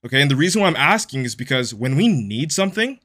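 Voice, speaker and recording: Young gym coach guy ranting on his podcast, swears a lot, punchy bright voice. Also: medium pitch, big pitch swings, fast talker. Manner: blunt, profane, fired-up ranting. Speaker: podcast host, online fitness coach. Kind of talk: casual podcast monologue.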